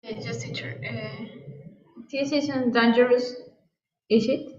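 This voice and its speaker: A woman's voice: a little high, steady tone, slow, a little mellow. A woman student hesitantly reading practice sentences aloud in an online class, with many fillers. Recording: echoey, distant, lo-fi call audio.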